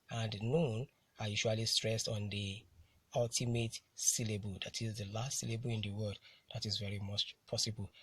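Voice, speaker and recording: A man teaching a recorded lesson, speaking slowly and deliberately, repeating key words and spelling out letters. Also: mid-range voice, fairly bright tone, husky, no room sound.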